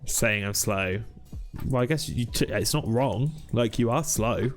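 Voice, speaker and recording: A man's voice: lowish voice, a little slow, soft background music. A young British man streaming a game, chatting casually with viewers and rambling between ums. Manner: rambling, chatty, lots of ums, reads chat aloud. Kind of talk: casual live-stream chat.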